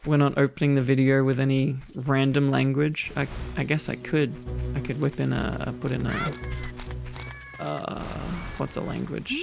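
A host giving relaxed, rambling ASMR gameplay commentary, low energy and self-mocking, with game music behind. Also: normal speed, vocal fry. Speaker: gaming channel host. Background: video game music.

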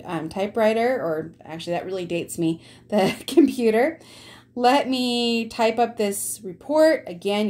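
A middle-aged woman teaching a remote fourth grade reading lesson. She talks to the kids in a friendly, chatty way, calling them guys, with upbeat bursts of excitement. Her voice sits in the middle range. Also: medium pitch.

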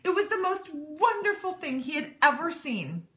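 A woman teacher reading a children's storybook aloud, animated and expressive. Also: high-pitched, moderate pace. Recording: echoey room.

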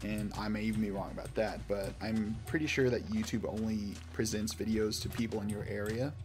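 A man's voice: fairly low pitch, flat delivery, brisk, a little mellow, soft background music. A man from Oklahoma chatting casually and rambling while he plays a game on a live stream. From Oklahoma, United States.

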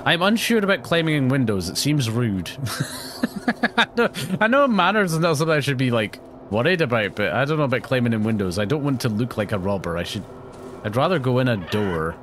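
A Scottish man narrates his horror game playthrough, cracking self-mocking jokes along the way. His pitch is mid-range but swings widely. A faint hiss sits under the voice. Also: big pitch swings, a little fast. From Scotland. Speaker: gaming YouTuber. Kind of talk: let's play commentary.

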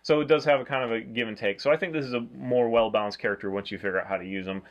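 A man hosting a casual board game review, talking in a flat, low-key way. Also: racing, muffled recording. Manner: low-key, flat delivery, self-described monotone.

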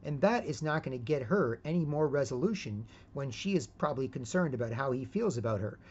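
A man's voice: medium pitch, animated, brisk, a little mellow, breathy edge, lo-fi sound. A man rambling in a casual monologue, repeating words and tagging his sentences with 'right?'. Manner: rambling, repeats words and asks 'right?' often, switches into put-on quotes. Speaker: vlogger.

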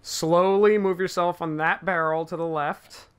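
A man's voice: high-pitched, steady tone, unhurried, fairly bright tone, smooth. Teasing man coaching a gamer. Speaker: co-host. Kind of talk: casual gameplay commentary.

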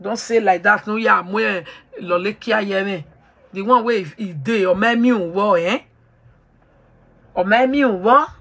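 A woman's voice: medium pitch, a little slow, creaky, fairly bright tone, breathy edge. A woman hosting a talk show, lecturing her listeners in an emphatic, preachy way and slipping into pidgin. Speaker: host.

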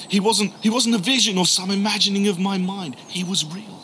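A man's voice: sits high, steady tone, a bit bright, slight background noise. Man telling as grieving doubting disciple. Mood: awed. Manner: halting, emotional, repeats words. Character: grieving doubting male disciple, bitter and stubborn. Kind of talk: first-person dramatic storytelling.

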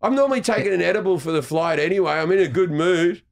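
A man's voice: high-pitched, expressive, fast talker, gravelly, no room sound. Brief: man, podcast banter, teasing, swears, dry close sound. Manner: playful teasing, swears freely. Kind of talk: casual comedic chat.

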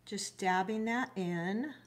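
A woman's voice: mid-range voice, takes it slowly. Chatty woman teaching watercolor live. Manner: chatty, friendly, greets viewers by name; self-deprecating, loses her thread mid-sentence. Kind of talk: live-streamed painting lesson.

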